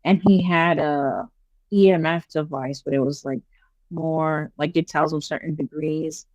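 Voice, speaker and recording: A woman guest on a podcast, casually telling paranormal stories in a chatty, animated way full of fillers. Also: low-pitched, unhurried, dry recording, dull audio. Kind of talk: casual storytelling interview.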